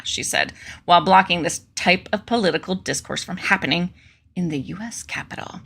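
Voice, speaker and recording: Gravelly, bright-voiced woman commentating. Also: fairly low pitch, big pitch swings, moderate pace. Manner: sarcastic, chatty asides to viewers. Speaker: political commentary host. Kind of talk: casual commentary reading news aloud.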